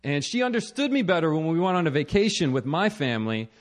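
A young man telling a personal story about his marriage in an animated, self-mocking way, with frequent restarts and chuckles. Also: on the high side, fast. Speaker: speaker sharing a marriage story.

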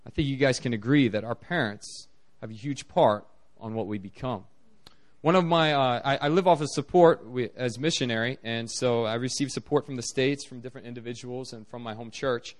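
A man preaching a sermon as a missionary, telling stories in an animated way with big swings in his voice. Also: fairly quick. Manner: animated storytelling, lively pitch swings.

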